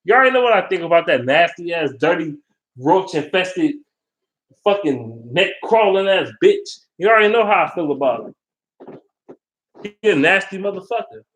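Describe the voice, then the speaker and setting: A man ranting casually and profanely about football, animated and blunt, as a vlogger. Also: high-pitched, moderate pace. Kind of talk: casual sports rant. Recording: roomy echo.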